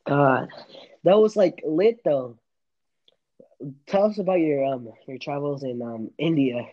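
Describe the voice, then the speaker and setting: On a podcast, a young host chats casually in a fairly high-pitched voice, speaking slowly. The sound is lo-fi, and he rambles, restarts and laughs often.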